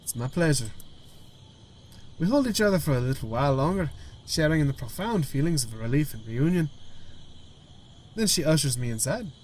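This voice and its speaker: A man's voice: fairly high pitch, animated, quick pace, a little mellow, slight background noise. A man hosting a gaming video, reading a story game aloud with stumbles, restarts and side comments.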